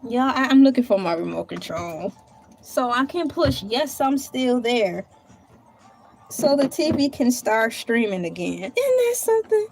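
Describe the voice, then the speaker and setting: A woman's voice: fairly high pitch, sing-song, a little slow, darkish tone, soft background music. A woman live streaming from home in casual chat, thanking viewers and talking to herself while she types and searches around her table. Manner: chatty, talks to herself while searching and typing.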